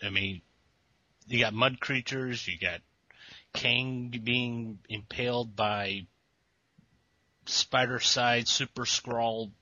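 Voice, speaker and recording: A man's voice: medium pitch, fairly even intonation, slow pace, long pauses, pushed and bright, no echo. A man bluntly complaining about a comic on a casual podcast, in a dry, dull lo-fi recording. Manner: blunt, exasperated critic. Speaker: podcast co-host.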